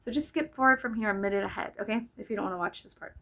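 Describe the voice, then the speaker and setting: A woman's voice: mid-range voice, rapid-fire, creaky, a bit bright, low-quality recording. A woman in her thirties chatting casually in a vlog, rambling with lots of fillers and asides. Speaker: vlogger. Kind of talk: casual chat.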